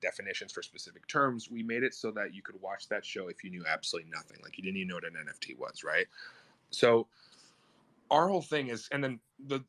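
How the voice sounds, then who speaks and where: Energetic man with a bright, forceful voice. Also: no echo. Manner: fast, profane, energetic pitch talk. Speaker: host of a crypto media brand. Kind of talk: casual audio chat. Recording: audio stream.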